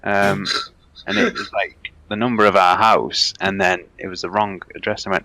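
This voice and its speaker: A young man chats on a podcast, his pitch swinging up and down as he acts out the people in his stories. His voice is bright and lively, and it sounds close and dry. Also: moderate pace, creaky, no echo. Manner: animated storyteller, acts out quotes. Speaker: podcast host. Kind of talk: casual chat.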